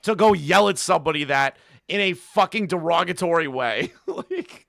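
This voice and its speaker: A man's voice: on the high side, big pitch swings, moderate pace, gravelly, a bit bright, no echo, clean studio sound. A man streaming live, reacting to a call with crude, mocking commentary and frequent laughter. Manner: profane, mocking, laughs often.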